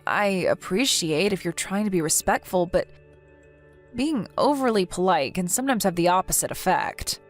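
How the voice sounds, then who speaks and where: A woman's voice: fairly low pitch, animated, moderate pace, faint music behind. A woman voicing a caring, outspoken young woman who talks firmly and reassuringly, in a text-message story reading. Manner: firm and reassuring.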